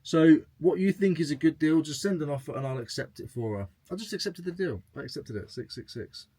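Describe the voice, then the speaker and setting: Jokey guy, casual chat, fairly high voice, dry close sound. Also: animated, a little fast, warm tone, breathy edge, no echo. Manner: chatty and jokey, reading out sales. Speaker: reselling vlogger.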